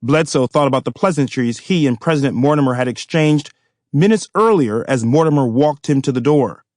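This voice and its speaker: A man reads his own thriller in a steady, measured narration. His voice sits at an ordinary pitch for a man. It is recorded close in a dry studio with no room echo. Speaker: author narrating his novel. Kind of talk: scripted audiobook narration. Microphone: studio microphone.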